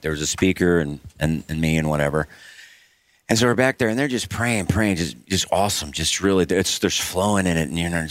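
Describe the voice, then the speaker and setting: Guy on a podcast telling a funny church story, lowish voice, dry close sound. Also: no room sound. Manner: laughs often, storytelling. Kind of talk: casual chat.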